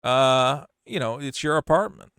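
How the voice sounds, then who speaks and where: A man, in the middle of a story, quoting a smooth-talking woman scammer who is breezy, persuasive and hurried. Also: medium pitch, lively intonation, fairly bright tone, no echo, clean studio sound, pitched below the performer's own voice.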